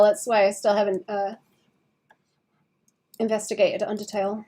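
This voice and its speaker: A young woman streamer chatting casually and rambling while she draws, sleepy and quick to laugh. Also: medium pitch, fairly even intonation, a little mellow. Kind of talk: casual chat while drawing.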